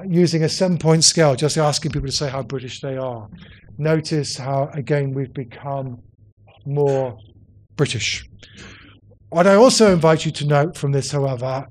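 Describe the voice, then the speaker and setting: A man, a politics professor, lecturing on poll data in a hall, brisk and dryly witty with emphatic stresses and frequent ums. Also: fairly high pitch, a little mellow.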